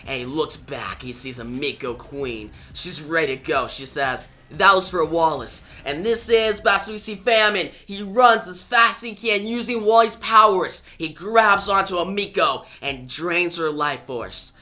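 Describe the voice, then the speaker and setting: A man's voice: high voice, a little slow, few pauses, pushed and bright. A man retelling a comic book issue in a loose, casual way, starting most lines with "now". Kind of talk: casual comic recap narration.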